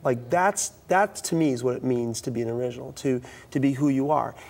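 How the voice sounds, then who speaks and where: Speaking a little fast with vocal fry, a middle-aged youth speaker from the US East Coast recounts stories in a talk-show interview. He's animated, voices the quoted dialogue, and often starts sentences over, all in a mid-range voice.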